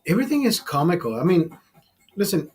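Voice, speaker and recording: A man's voice: sits high, very animated, a little fast, a little mellow, breathy edge, soft background music. A man from Honduras telling a crude story in a casual livestream chat, swearing constantly and laughing at his own jokes. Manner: crude, profanity-heavy storytelling, laughs often. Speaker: livestream host.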